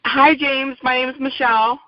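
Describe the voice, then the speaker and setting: A woman's voice: high-pitched, fairly even intonation, moderate pace, no room sound. A woman from Florida calls in to a radio show and asks her question in a chatty, slightly hesitant way. Her voice comes over a dry, dull line with no room sound. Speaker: caller.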